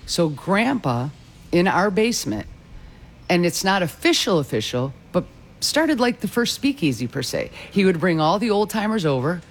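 Proud, emphatic restaurant owner. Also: male voice, high voice, very animated, moderate pace. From Detroit. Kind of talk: interview.

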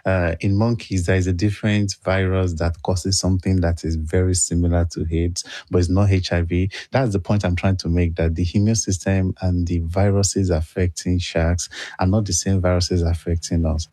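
A man speaking as a guest on a radio show, careful and measured, correcting a popular myth. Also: sits low, flat delivery, mellow, no echo, clean studio sound. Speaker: science guest commentator. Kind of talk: radio discussion.

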